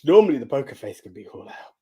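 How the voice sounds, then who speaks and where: A man's voice: mid-range voice, big pitch swings, fast, dark tone, breathy edge. A man co-hosting a casual movie podcast, easygoing and chatty, laughing along with his friend. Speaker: podcast co-host. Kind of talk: casual chat.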